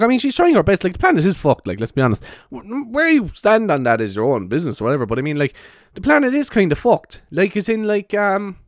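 A man's voice: sits high, no echo, studio quality. A young man with a Cork Irish accent, chatting casually to camera, rambling, swearing often and laughing at himself. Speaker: vlogger. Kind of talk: casual rambling vlog chat.

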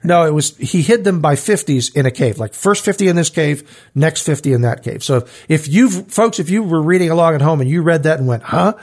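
A fairly quick, slightly high-voiced man co-hosts a casual Bible study podcast. Reading verses aloud, he dramatizes the scripture quotes with animated feeling and a rising voice.

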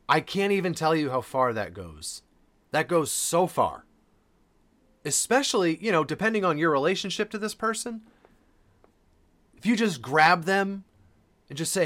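A man's voice: fairly high pitch, lively intonation, unhurried, pauses often, a bit bright. A man hosting a podcast, talking casually and earnestly, repeating phrases for emphasis. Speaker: podcast host.

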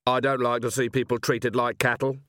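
A man's voice: medium pitch, level tone, fairly quick, fairly bright tone, no room sound, close to an everyday voice. A man voicing a weary, blunt male watch commander who talks in a dry, clipped way. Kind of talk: audiobook character voice.

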